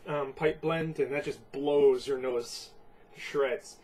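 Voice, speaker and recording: A congested man hosting a casual beer review at home, rambling and halting with lots of fillers. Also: medium pitch, steady tone, darkish tone, poor audio.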